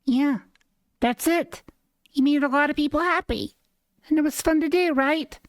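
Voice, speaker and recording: Man doing a squeaky falsetto sidekick guy, chipper, supportive, dry close sound. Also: normal speed, dry recording. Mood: encouraging. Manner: high falsetto, encouraging. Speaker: show character.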